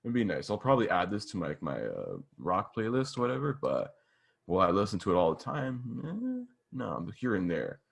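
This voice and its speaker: Low gravelly crude-talking podcast host. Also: male voice, very animated, brisk. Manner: crude, rambling, heavy use of "like". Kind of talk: casual chat.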